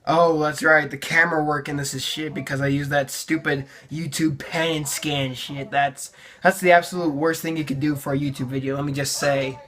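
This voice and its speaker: A teenager talks through a casual reaction video, poking fun at their own early work with dry sarcasm. The voice sits at an everyday middle pitch, and the delivery is loose and full of fillers and restarts. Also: little pitch movement, moderate pace, fairly bright tone. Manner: sarcastic, self-mocking, many fillers. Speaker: YouTuber reviewing own old videos.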